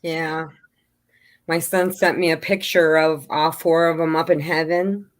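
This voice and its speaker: A woman guest in a casual live chat who tells stories in a friendly, animated way. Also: deep voice, measured pace. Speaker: guest crochet creator.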